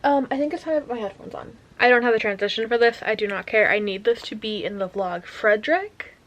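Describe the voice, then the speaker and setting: A woman's voice: on the high side, fast. A young woman chatting casually about a book she is reading, gushing and rambling, sometimes dropping to a whisper. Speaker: reading vlogger.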